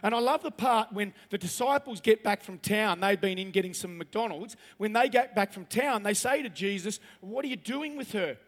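High-voiced preacher in a big hall. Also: male voice, normal speed, few pauses. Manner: chatty and humorous, asks the audience questions. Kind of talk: conversational sermon. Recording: long reverb of a large hall.

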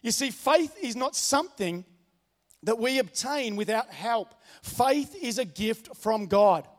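A man's voice: very high-pitched, animated, takes it slowly, long reverb tail. A man preaching a sermon, telling a personal story in an earnest way and repeating his key phrases. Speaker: pastor.

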